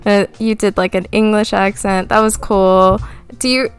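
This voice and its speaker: A woman's voice: medium pitch, flat delivery, normal speed, clean tone, faint music behind. A woman hosting a podcast in casual chat, giggly and hesitant. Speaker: podcast host.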